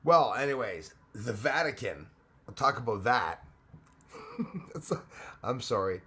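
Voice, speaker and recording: A man's voice: medium pitch, big pitch swings, a little slow, a bit bright, slightly rough. Man casually greeting live stream viewers. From Canada. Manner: rambling, greets viewers by name, frequent restarts.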